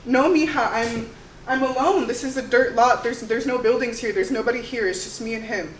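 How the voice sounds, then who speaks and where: A grieving, shaken young Mexican American woman, put on by a woman performer, speaking in halting repeats with a fairly high voice. She is heard on a live theater stage, roomy and from far off the mic, with faint hiss behind. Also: lightly acted.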